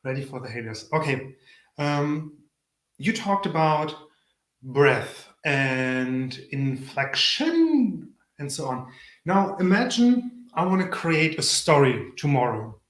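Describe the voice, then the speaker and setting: A man's voice: a little high, very animated, slow. A man hosting a live-stream interview, playful and self-deprecating as he asks his guest questions. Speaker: host. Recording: echoey room.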